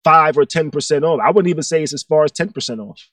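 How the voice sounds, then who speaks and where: A man's voice: a little high, quick pace, a bit bright, no echo, distant mic. A man co-hosting a casual chat show, telling stories easily and repeating words as he builds his thoughts. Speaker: podcast co-host.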